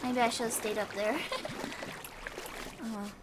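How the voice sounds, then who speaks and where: A woman with a fairly high voice plays through a game on stream, talking casually and poking fun at herself. Noticeable background noise sits under her voice throughout. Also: steady tone, a little slow. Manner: chatty and self-deprecating, musing aloud. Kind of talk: casual let's-play commentary, reading game text aloud.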